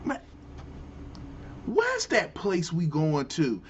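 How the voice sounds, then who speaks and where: Animated man ranting. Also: a little high, extremely slow, highs cut off, slight background noise. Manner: animated, incredulous, exclamatory. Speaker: show host. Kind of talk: casual commentary rant.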